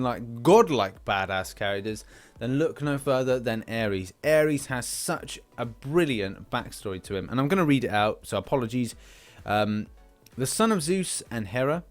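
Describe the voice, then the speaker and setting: British male gaming host, mid-pitched, casual and rambling, with light music in the background. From Britain. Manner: rambling, lots of fillers and restarts. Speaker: game channel host. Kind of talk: casual game commentary.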